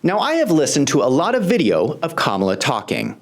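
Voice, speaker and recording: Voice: medium pitch, huge pitch swings, a little fast. A host delivering political commentary in a sarcastic, pointed manner.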